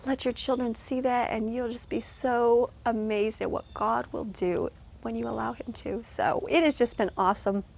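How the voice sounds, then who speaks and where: A woman's voice: on the high side, steady tone, moderate pace, gravelly, darkish tone. A middle-aged woman talking in a casual vlog, earnest and emotional, rambling with many restarts and heartfelt thanks. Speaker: vlogger and mother.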